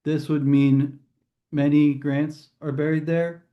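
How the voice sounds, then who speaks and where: A man's voice: fairly high pitch, flat delivery, muffled recording. A man teaching a casual test prep lesson, thinking aloud and correcting himself as he goes. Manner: chatty, thinks aloud, quick self-corrections. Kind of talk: informal classroom lesson.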